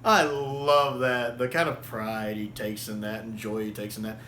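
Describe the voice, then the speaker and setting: Enthusiastic man with a bright voice. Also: lowish voice, level tone, normal speed. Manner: enthusiastic, laughs often, acts out quotes. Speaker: show reviewer. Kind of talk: casual video review. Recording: echoey room with faint hiss.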